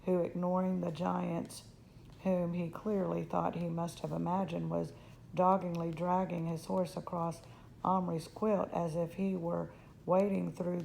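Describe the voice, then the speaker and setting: A woman reading a children's novel aloud in steady storytelling, now and then slipping on a word. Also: fairly low pitch, vocal fry, slight background noise, low-quality recording. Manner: steady storytelling, slips on words. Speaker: reader.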